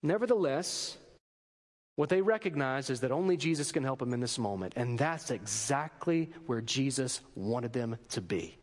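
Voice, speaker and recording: A man's voice: mid-range voice, lively intonation, moderate pace, darkish tone, big-room sound. A man preaching a sermon in a conversational way, asking rhetorical questions and adding joking asides. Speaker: pastor.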